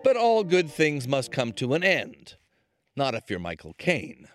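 A male correspondent narrating a television news feature in a measured storytelling way. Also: medium pitch, huge pitch swings, faint music behind.

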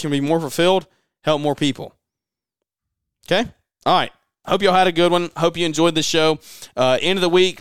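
Passionate, raspy motivational podcast man. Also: a little high, dry recording, clean studio sound. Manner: passionate, emphatic, repetitive urging. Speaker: podcast host.

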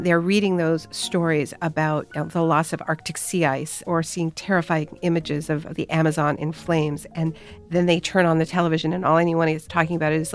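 A woman talking as an interview guest in an earnest, exasperated way. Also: low voice. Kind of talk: conversational interview talk.

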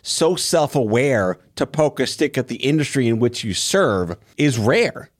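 A man's voice: medium pitch, lively intonation, unhurried. A man hosting a podcast, asking long, loose, joking questions. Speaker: podcast host. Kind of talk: casual podcast interview.

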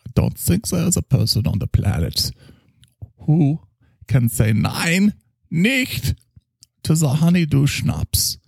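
A man voicing a pompous, tipsy male German psychoanalyst with a put-on German accent, slow and grandiose in his boasting. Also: a little high, big pitch swings, creaky, a little mellow, slightly rough, no echo, clean studio sound, pitched above the performer's own voice, exaggerated voice. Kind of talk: improvised comedy character.

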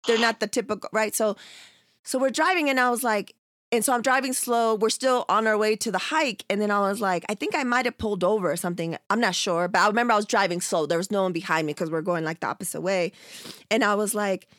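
A woman's voice: mid-range voice, fast, no echo, clean studio sound. A woman telling a story in casual chat, swearing freely and acting out what others said. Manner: animated, profane, acts out quotes.

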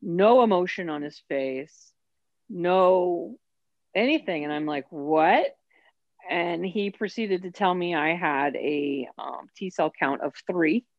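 A woman's voice: lowish voice, a little slow, dry recording, highs cut off. A woman telling her own story as an interview guest, candid and emotional. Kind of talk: personal storytelling.

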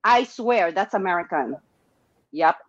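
A woman's voice: on the low side, lively intonation, unhurried, no echo, muffled recording. A woman, chatting as a guest and acting out what other people say in different voices. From Philippines. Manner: talkative, acts out quoted remarks in changed voices. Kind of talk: casual conversation sharing experiences.

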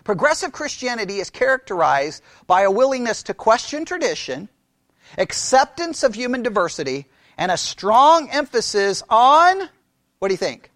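A man's voice: high-pitched, big pitch swings, normal speed, fairly bright tone, no echo, studio quality. A man lecturing a Bible class in a conversational way, quizzing his listeners and repeating key phrases.

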